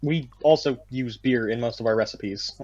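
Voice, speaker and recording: A man's voice: medium pitch, normal speed, a little mellow, highs cut off. An American man co-hosting a casual podcast chat, blunt and profane, with mock outrage. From United States. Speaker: podcast co-host.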